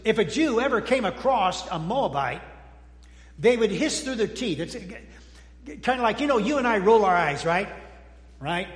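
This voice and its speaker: A pastor with a high-sitting voice gives a folksy, conversational sermon, joking with his congregation, frequently restarting sentences, and then abruptly going quiet. The recording is from an echoey hall with long reverb.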